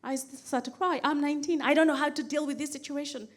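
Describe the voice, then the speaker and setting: A woman comedian on a stage mic, with a high, bright voice. She tells her stories with animated energy and repeats phrases for comic build-up. Her quoted pleas are acted out. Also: fast. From Kenya. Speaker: stand-up comedian. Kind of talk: stand-up storytelling.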